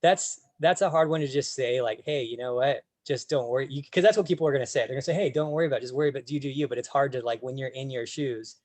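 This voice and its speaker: A man's voice: medium pitch, quick pace, hardly any pauses, darkish tone, dry recording. A man hosting a podcast as a coach, talking in an easygoing, supportive way with frequent restarts. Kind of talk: casual chat.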